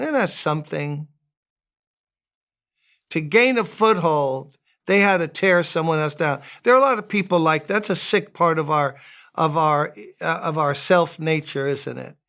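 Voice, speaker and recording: A man's voice: high-pitched, a bit bright, clear, resonant tone. A man, a pastor, giving a conversational devotional sermon, making joking asides and reading scripture aloud.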